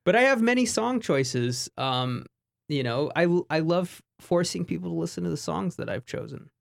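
A man's voice: fairly high pitch, animated, moderate pace, vocal fry, dry recording. A man hosting a casual radio show in a studio, joking and rambling with many ums.

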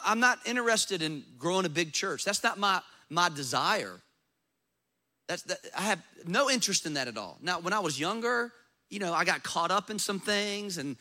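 A man, a pastor preaching a sermon in a church, acting out doubters' voices as he goes. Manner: animated preaching, acts out skeptics in a high voice.

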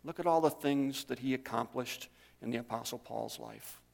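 A man's voice: medium pitch, normal speed, gravelly, a little mellow, big-room sound. A man preaching a sermon, telling stories in a conversational way. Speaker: pastor.

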